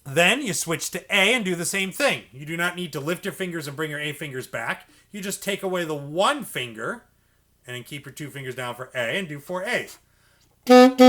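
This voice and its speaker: Male sax teacher, high animated voice, patient step-by-step coaching. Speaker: saxophone teacher. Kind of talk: instructional explanation for beginners.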